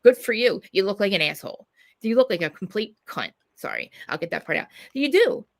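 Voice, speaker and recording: Fast, blunt woman. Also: medium pitch, big pitch swings, creaky, no room sound. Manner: fast, loud, blunt, swearing. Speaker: podcast host. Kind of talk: casual live podcast chat.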